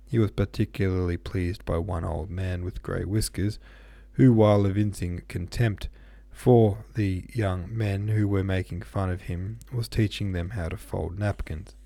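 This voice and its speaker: Mellow low male novel reader. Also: steady tone, a little slow, vocal fry, no room sound. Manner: unpolished reading with small slips and asides. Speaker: audiobook reader. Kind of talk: informal read-aloud of a classic novel.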